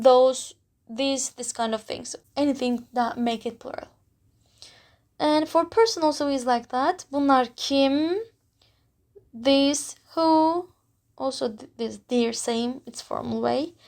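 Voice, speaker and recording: High, slow female teacher, patient and repetitive, walking beginners through pronunciation. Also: a little mellow. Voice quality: non-native English, simple phrasing with small grammar slips. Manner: patient, repeats words several times, drawn-out pronunciation examples. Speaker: Turkish language teacher. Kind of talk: slow explanatory language lesson.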